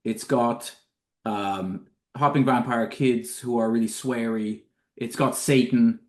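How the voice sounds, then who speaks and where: A man's voice: medium pitch, steady tone, slow. A man co-hosting a podcast, talking about films in an amused, enthusiastic way. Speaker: podcast co-host and film writer. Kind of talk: casual chat.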